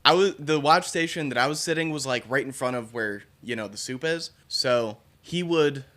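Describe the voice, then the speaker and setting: A man's voice: mid-range voice, normal speed, sharp tone. A man telling a story in casual podcast chat, laughing as he goes.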